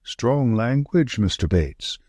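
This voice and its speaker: A shrewd, dry-witted Victorian detective, read by a man in an audiobook, who weighs each point with wry emphasis. The voice rises and falls in a lively way, with a husky edge. It sounds close and dry. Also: medium pitch, slow pace, no room sound. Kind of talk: audiobook reading.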